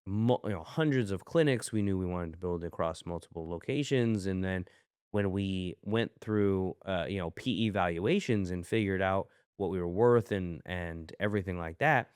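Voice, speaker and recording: Male podcast co-host, business owner, low register, smooth tone, reflective coaching delivery, dry close mic. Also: moderate pace, darkish tone, dry recording. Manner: reflective, coaching tone with rhetorical questions. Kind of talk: casual business podcast talk.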